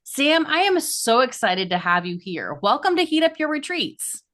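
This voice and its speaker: A woman hosting a podcast interview, speaking enthusiastically and stressing key words with sharp rises. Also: high-pitched, sing-song, normal speed. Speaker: podcast host.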